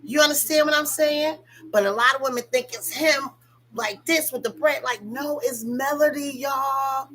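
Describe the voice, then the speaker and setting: Bright-voiced woman ranting to her viewers. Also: sits high, moderate pace. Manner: emphatic, profane, talks straight to viewers. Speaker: vlogger reacting to reality TV. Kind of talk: casual reaction commentary.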